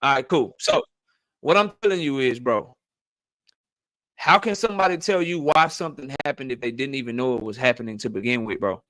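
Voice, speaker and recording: A man's voice: mid-range voice, a little fast, a bit bright, no echo. A middle-aged man hosting a channel, arguing his point insistently and with a lot of profanity in a heated debate. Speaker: channel host.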